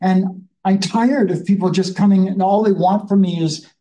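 Teaching conversationally, a Bible study leader gives a slow scripture reading before chatting reflectively about it. Expect a medium-pitched, dark-toned voice on a rough recording.

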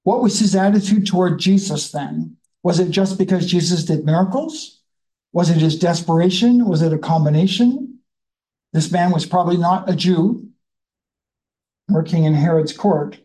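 A Bible study leader in a conversational teaching style, reading scripture slowly and then musing about it in a chatty way. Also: medium pitch, dark tone, rough recording.

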